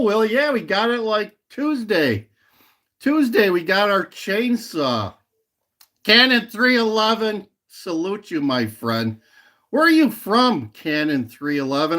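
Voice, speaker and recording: His voice sits high and has a fairly bright tone. As host of a casual livestream, the man rambles through chat with viewers, laughing often and repeating a signature catchphrase.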